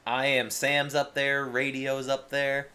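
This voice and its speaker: A man's voice: mid-range voice, flat delivery, slow, sharp tone, smooth. A man co-hosting a podcast, chatting casually about a movie with sardonic, crude humor and frequent swearing. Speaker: podcast co-host. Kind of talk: casual movie-review chat.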